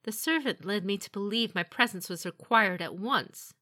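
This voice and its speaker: A woman's voice: mid-range voice, expressive, moderate pace, sharp tone. A woman voicing a composed, proud female dragon samurai who speaks with stiff, formal politeness. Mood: stiffly polite.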